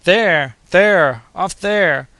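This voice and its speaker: A man's voice: mid-range voice, fairly even intonation, moderate pace, pushed and bright, clear, resonant tone, no room sound. A man narrating an audiobook voices a commanding expedition doctor who calls out urgent orders. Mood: frantic.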